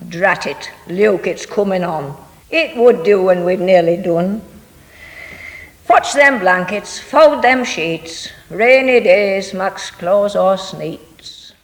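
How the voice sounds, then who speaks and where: A reader introducing and then reading a dialect poem in a measured, deliberate way. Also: medium pitch. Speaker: poetry reader. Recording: echoey hall.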